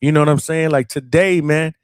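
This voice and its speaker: A man's voice: on the high side, steady tone, fairly quick, clear, resonant tone, no room sound, studio quality. A man hosting a late-night boxing call-in show, talking in a loose, slangy and profane way, with lots of "man" and "bro". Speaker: podcast host.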